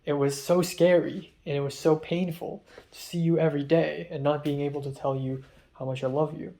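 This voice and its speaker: Young man, rambling vlog chatter, lots of ums, stressed, slightly high, mellow tone. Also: steady tone, normal speed, vocal fry. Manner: rambling, filler-heavy, stressed. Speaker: film student. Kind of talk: casual vlog monologue.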